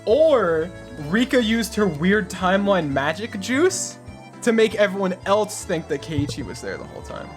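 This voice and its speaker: A man's voice: high-pitched, big pitch swings, normal speed, soft background music. A man hosting a let's play, chatting casually and joking through playful theories. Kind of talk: casual game commentary.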